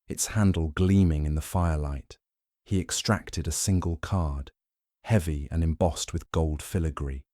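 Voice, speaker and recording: A man narrating a mystery audiobook in a measured, even storytelling manner. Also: sits low, no room sound, clean studio sound.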